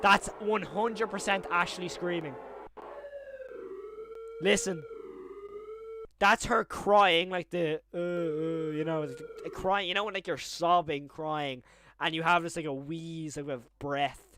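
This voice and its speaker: Excitable young man streaming live. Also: fairly high pitch, takes it slowly, a little hiss or hum. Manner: chatty, rambling, easily excited.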